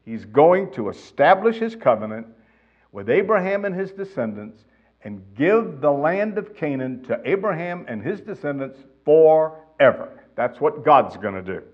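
A man's voice: on the high side, sing-song, moderate pace, husky, highs cut off. A male pastor teaching verse by verse, reading passages aloud with emphasis and then explaining them. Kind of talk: expository Bible teaching.

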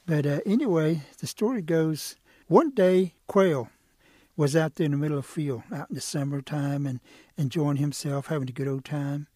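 A man telling a traditional animal story the way he tells it to schoolchildren, relaxed and animated. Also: fairly high pitch, moderate pace, no room sound, studio quality. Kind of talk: oral folk storytelling.

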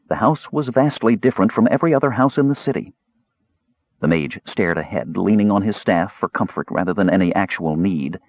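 A man narrates an audiobook in a lively, expressive storytelling voice with a husky edge. The recording sounds dull and lo-fi, with a dry, close sound. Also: fairly low pitch, no room sound.

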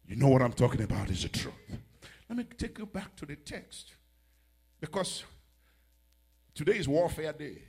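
A male pastor preaching a sermon, swinging from quiet, drawn-out lines to loud, fervent shouting. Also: on the high side, husky.

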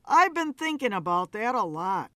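A woman's voice: mid-range voice, very animated, moderate pace, pushed and bright, dry recording, clean studio sound. A woman voicing a weary young man who hesitates and tries to avoid an argument. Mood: resigned.

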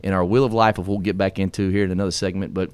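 Middle-aged male radio host with a deep voice; earnest, folksy motivational storyteller. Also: steady tone, fast, darkish tone, smooth, no room sound. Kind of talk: casual storytelling and motivational talk.

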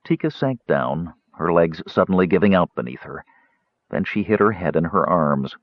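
A man reading a fantasy audiobook with an expressive, varied delivery. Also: low voice, moderate pace, no echo. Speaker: audiobook narrator. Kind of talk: scripted fantasy narration. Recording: slightly dull audiobook recording.

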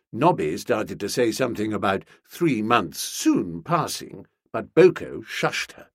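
A man giving an expressive, comic audiobook narration. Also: lowish voice, unhurried, hardly any pauses, husky, dry recording, studio quality. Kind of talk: scripted narration.

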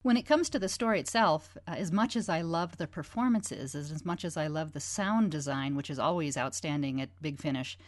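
A woman's voice: sits low, brisk, hardly any pauses, no room sound. A woman reviewing an audio drama in casual chat, articulate and enthusiastic. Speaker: forum moderator, reviewer.

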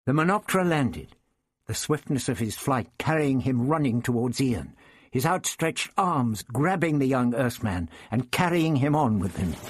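A man narrating a story as an audiobook reader, expressive and deliberate. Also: mid-range voice. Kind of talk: scripted narration.

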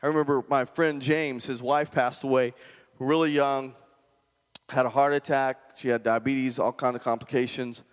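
A man's voice: mid-range voice, steady tone, normal speed, clean tone, long reverb tail. A male pastor preaching a conversational sermon and often asking the congregation questions.

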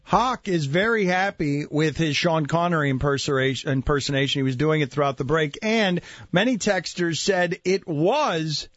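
A man hosting a sports talk radio show, arguing quickly and cutting in on his co-hosts. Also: a little high, fairly bright tone, dry recording, lo-fi sound. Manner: quick, argumentative, interrupts.

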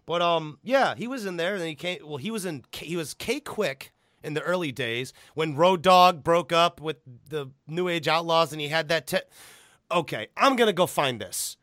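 A man hosting a podcast in casual chat, animated and swearing freely. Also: a little high, moderate pace, no echo, studio quality. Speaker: podcast host.

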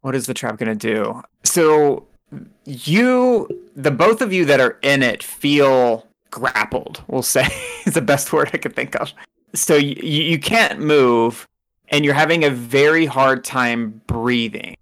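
A man's voice: medium pitch, expressive, unhurried, a bit bright. A man narrating as game master in a casual, rambling way, laughing often.

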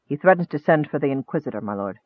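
A man reading a storybook, voicing a humble, shy young male healer cleric in a low, hesitant way. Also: expressive, fast, no room sound. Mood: subdued. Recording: dry, phone-like narrow sound.

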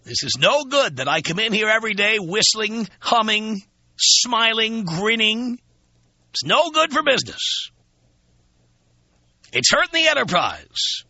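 A man's voice: high-pitched, big pitch swings, measured pace, long pauses, sharp tone, dry recording, lo-fi sound. A man hosting a radio talk show, talking to listeners in a sardonic, profane, self-mocking monologue from a studio. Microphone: studio microphone.

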